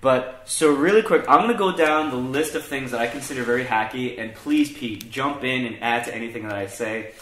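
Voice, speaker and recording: A man's voice: medium pitch, a little fast, hardly any pauses, a bit bright, slight background noise. A man, a comedian hosting a casual chat, talking profanely and with animation, mocking other people's voices. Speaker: comedian podcast host. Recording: echoey room.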